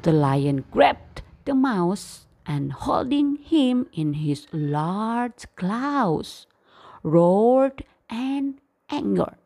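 A woman reading a bedtime story aloud, slow and expressive. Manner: slow and expressive, lively pitch.

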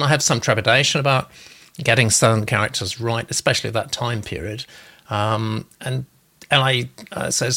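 A man's voice: mid-range voice, creaky, bright, forceful tone. A man hosting a show casually, reading out comments with chatty, hesitant asides. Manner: chatty, hesitant, many ums. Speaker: host.

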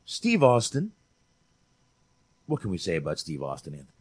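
Deep-voiced animated man, dry sound. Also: moderate pace, breathy edge, no room sound. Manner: animated, swears freely, says dude. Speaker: podcast co-host reviewing movies. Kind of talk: casual profane movie-review chat.

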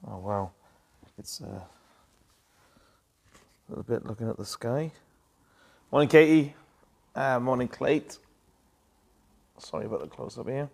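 A relaxed man hosts a live-stream, chatting casually and greeting viewers by name before he reads scripture aloud. His voice sits at a middling pitch. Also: measured pace, vocal fry, long pauses. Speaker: live-stream Bible reader.

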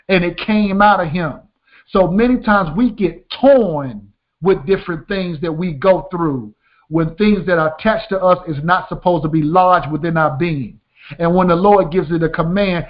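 A man's voice: high voice, muffled recording. A man preaching a radio sermon, emphatic and repetitive, often asking his listeners whether they got the point. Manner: emphatic, repeats "did you get that?".

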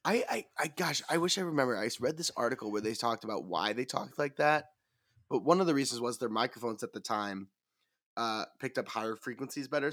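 A man's voice: medium pitch, animated, fairly quick, a bit bright, dry recording. A man from Panama hosting a film podcast, reading a scripted history of a film and then chatting loosely with his co-hosts. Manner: informative, stumbles and repeats words when talking off the cuff. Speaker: podcast host. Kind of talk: scripted film-history narration and casual chat.

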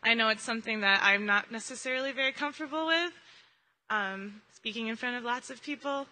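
Woman telling her testimony in church, kinda high and super bright voice, lots of ums, echoey hall. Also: brisk. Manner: earnest and conversational, with frequent ums. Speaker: church member giving a mission-trip testimony. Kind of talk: personal testimony at a church service. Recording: reverberant hall sound.

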